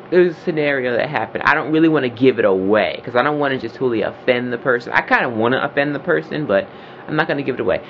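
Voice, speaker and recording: A man talking in a casual vlog rant, animated and profane, often getting loud and heated. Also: mid-range voice, fast, muffled recording, slight background noise. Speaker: video blogger.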